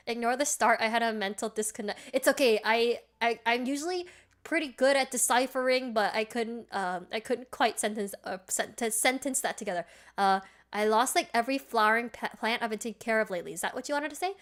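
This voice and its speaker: A woman's voice: on the high side, brisk, a bit bright. Bubbly, chatty woman streamer. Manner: bubbly and chatty, laughs often, reacts to chat. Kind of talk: casual livestream chat.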